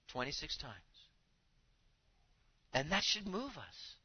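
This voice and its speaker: A man preaching a sermon to his congregation, speaking with animated emphasis and now and then acting out the voices he quotes. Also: fairly high pitch, lo-fi sound. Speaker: pastor.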